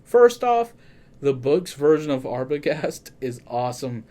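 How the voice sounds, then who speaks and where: A man hosting a casual horror podcast. He talks in an excitable way, swears freely and often corrects himself mid-sentence. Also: mid-range voice, measured pace. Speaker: podcast host.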